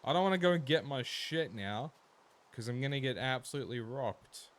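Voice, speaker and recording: A man's voice: mid-range voice, animated, normal speed. Aussie guy streaming, chatting to chat, swears a lot, voice jumps all over the place. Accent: Australian. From Australia. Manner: loose and profane, swinging between mumbles and loud outbursts. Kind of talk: casual game-stream chat with viewers.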